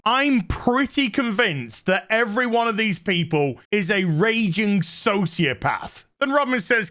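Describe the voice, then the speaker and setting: A man sarcastically recapping a TV episode, exasperated and swearing, with deadpan mockery. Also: sits high. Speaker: show reviewer.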